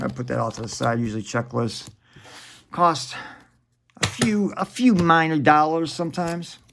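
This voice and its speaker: A man's voice: medium pitch, vocal fry, a bit bright, slight background noise. A man in his forties chatting casually while opening trading card packs, rambling and profane, chuckling often.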